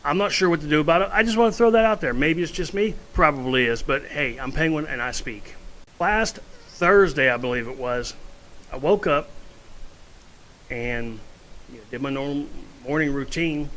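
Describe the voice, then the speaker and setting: A man's voice: on the high side, moderate pace, fairly bright tone, poor audio. A man ranting in a casual opinion vlog from his home, blunt and rambling with asides. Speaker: vlogger.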